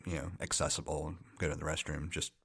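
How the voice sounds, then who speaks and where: A man with a very deep voice co-hosts a podcast, keeping an even, flat tone. His phrasing is measured and slightly formal, recorded dry and close. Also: slightly rough, dry recording. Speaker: podcast co-host. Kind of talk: casual chat.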